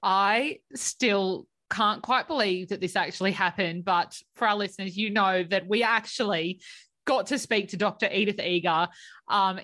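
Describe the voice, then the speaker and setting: A woman's voice: medium pitch, a bit bright. A woman co-hosting a podcast in casual chat, emotional and prone to giggling fits. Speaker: podcast co-host.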